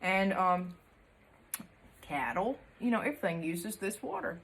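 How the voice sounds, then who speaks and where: A young woman from Alabama, a homesteading vlogger with a Southern accent, tells her viewers country childhood stories while talking to the camera. Her voice is lowish, a bit bright and slightly rough, with a measured pace and lively intonation. She's chatty and folksy, laughing often and using country sayings.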